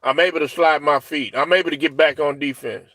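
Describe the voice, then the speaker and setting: Animated, profane man in sports talk. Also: fairly high pitch, fairly quick. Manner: animated, profane, full of fillers and restarts; acts out other people's lines. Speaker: sports show co-host.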